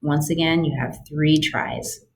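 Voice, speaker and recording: A woman's voice: deep voice, steady tone, unhurried. A woman German teacher walking students through homework on a screen recording, chatty and patient, explaining step by step.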